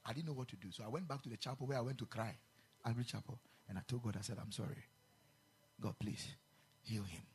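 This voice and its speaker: A man with a Ghanaian accent preaching a sermon in a chapel, mixing English and Twi, building to loud emphatic peaks. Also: medium pitch, very fast, husky. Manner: switches between English and Twi, rising to shouted emphasis.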